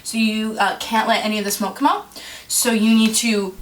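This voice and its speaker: A woman's voice: medium pitch, fairly even intonation, normal speed, far from the mic. A young woman co-hosting a podcast, telling work stories in casual chat, swearing freely and laughing between lines. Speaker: podcast co-host.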